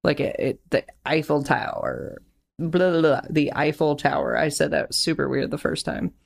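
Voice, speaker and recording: A young adult podcast co-host talks casually and wanders into eager, rambling tangents. The voice has a strong gravelly fry and sits mid-pitch. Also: steady tone, moderate pace. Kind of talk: casual chat.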